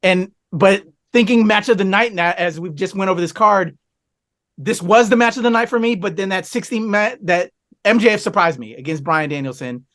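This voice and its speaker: A man's voice: high voice, moderate pace, a bit bright. A man hosting a casual podcast chat, talking in a laid-back, rambling way and steering the conversation. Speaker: podcast host.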